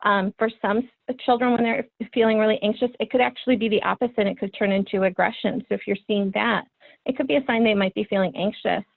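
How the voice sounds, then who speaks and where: A woman's voice: mid-range voice, quick pace, gravelly, no echo. Encouraging woman presenting over a thin webinar line. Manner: earnest, encouraging, with frequent ums. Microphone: video call. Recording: phone-like webinar audio, dry.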